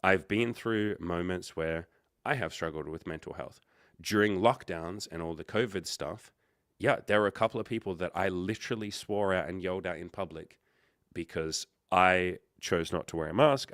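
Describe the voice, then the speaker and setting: A man with a very low voice tells a story in a casual, rambling way and corrects himself as he goes. He hosts a livestream and acts out quoted dialogue. The sound is dry and close to the mic. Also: moderate pace, fairly bright tone, dry recording. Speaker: livestream host and coach.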